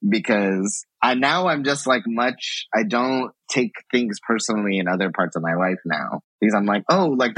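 Animated man, husky, lively pitch. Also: no echo, low-quality recording. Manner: animated, acts out quoted exchanges, laughs often. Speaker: podcast guest. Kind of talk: casual conversation.

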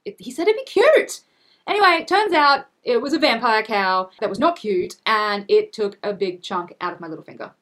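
A woman co-hosts a travel podcast in relaxed, back-and-forth chat. She talks in a lively, teasing way and cuts in quickly. Her pitch is in the middle of the usual range for women. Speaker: podcast co-host. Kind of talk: casual chat.

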